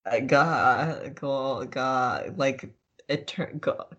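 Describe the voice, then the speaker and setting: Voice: mid-range voice, extremely slow, fairly bright tone, highs cut off. A podcast co-host chatting casually, rambling, giggling and trailing off while searching for words. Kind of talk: casual chat.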